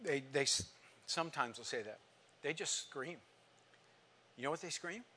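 A man preaching a sermon, spinning a personal story and pausing to quiz his congregation. His voice sits fairly high and sounds bright and forward. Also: lively intonation, slight background noise. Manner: storytelling, asks the congregation questions.

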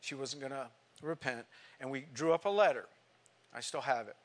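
An older pastor tells an emotional story during a sermon, earnestly acting out the lines of the people involved as quoted dialogue. His voice is mid-range and moves at normal speed.

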